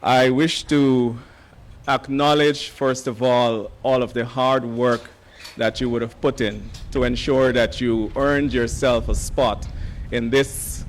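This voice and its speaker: A man gives formal remarks at a ceremony, his voice hoarse. He speaks in a measured way with frequent "uh" fillers, and he stands a little back from the microphone in a conference hall. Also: medium pitch. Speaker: education official giving remarks.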